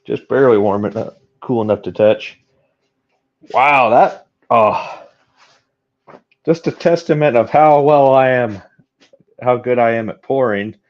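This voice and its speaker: A man's voice: medium pitch, unhurried, pauses often. Frustrated man streaming a metal pour. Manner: frustrated, self-deprecating, talks to chat. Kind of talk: live-stream chat while casting metal. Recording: dull lo-fi sound.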